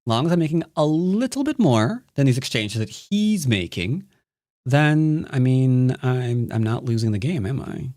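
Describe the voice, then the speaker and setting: A man's voice: mid-range voice, big pitch swings, normal speed, mellow, no room sound, studio quality. A man teaching Go while he plays a game live, commenting with jokes and silly asides. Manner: playful, jokey, breaks into silly sing-song nonsense.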